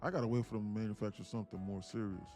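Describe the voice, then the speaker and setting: Speaking very fast in a lowish, dark voice with a steady tone, a man runs a live trading stream and coaches his audience while soft music plays behind him. It's loose, slang-heavy live-stream chatter that keeps rambling and starting over.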